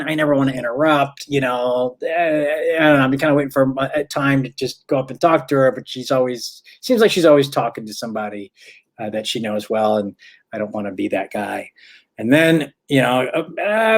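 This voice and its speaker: A man from St. Louis, a stand-up comedian guest on a podcast, tells a story in a rambling way, correcting himself and acting out the voices of the people he quotes. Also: on the high side.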